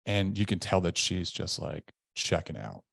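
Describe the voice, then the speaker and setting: A man's voice: sits low, big pitch swings, normal speed, gravelly, a bit bright, no room sound, clean studio sound. A man, a podcast guest, earnestly recounting a personal story in candid conversational detail. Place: indoor room.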